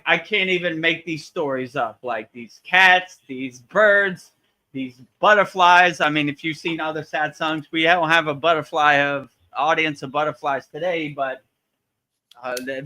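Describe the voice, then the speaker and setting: Bright-voiced man telling spiritual stories. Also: a little high, unhurried. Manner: animated, chatty, acts out quotes, laughs often. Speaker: spiritual teacher hosting a Q&A. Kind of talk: live Q&A chat, storytelling.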